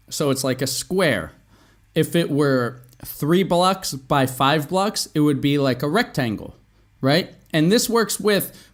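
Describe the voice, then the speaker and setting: Slow, deliberate male English teacher. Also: a little high. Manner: slow, deliberate, repeats phrases for learners. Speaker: English teacher and podcast host. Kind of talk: explaining vocabulary and expressions.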